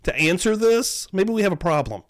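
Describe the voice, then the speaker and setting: A man's voice: high voice, very animated, normal speed, no echo. A man hosting a casual podcast, chatting in an easygoing, agreeable way and laughing often. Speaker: podcast host.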